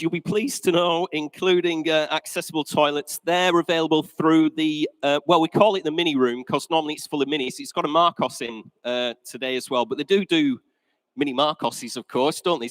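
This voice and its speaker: A man, working as an auctioneer, running through the house rules for a live sale in a friendly, joking way and addressing the room as ladies and gentlemen. His voice sits a little high for a man, and he is slightly out of breath. The sound is close and dry. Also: no echo, low-quality recording. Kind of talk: live auction opening announcements.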